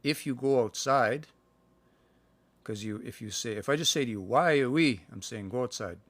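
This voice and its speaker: A man from Canada giving a casual livestream language lesson, thinking aloud and slowly sounding out words between fillers. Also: mid-range voice, a bit bright, no echo. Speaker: language learner sharing practice phrases. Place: indoors, livestream. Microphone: phone.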